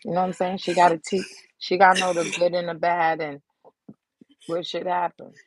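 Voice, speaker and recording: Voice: mid-range voice, fairly quick, poor audio. A vlogger talking casually to camera in a subdued, grieving way, rambling, swearing freely and losing track of the thought. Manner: rambling, loose and profane, loses track of the thought. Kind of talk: casual to-camera vlog talk.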